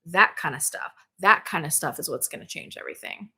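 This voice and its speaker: A woman's voice: deep voice, expressive, a little fast, creaky, pushed and bright, husky. Bubbly woman hosting a live stream. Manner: bubbly, exclamatory, laughs often and swears casually. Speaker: spirituality livestream host. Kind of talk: casual live-stream chat reading viewer comments. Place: home office.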